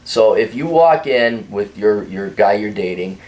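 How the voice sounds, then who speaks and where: A man's voice: fairly low pitch, lively intonation, measured pace, a little mellow. A man hosting a casual opinion monologue in a blunt, crude and sardonic way. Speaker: host.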